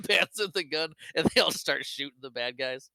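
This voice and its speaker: A man's voice: a little high, expressive, normal speed, creaky, pushed and bright, dry recording. A man co-hosting a casual movie podcast, laughing often and playfully voicing characters as he retells scenes. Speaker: podcast co-host. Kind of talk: casual movie recap chat.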